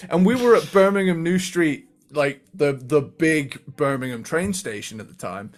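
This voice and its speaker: Laughing podcast co-host with mixed accent. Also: male voice, on the high side, animated, normal speed. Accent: mixed British and American. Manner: laughs often, tells stories. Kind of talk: casual chat.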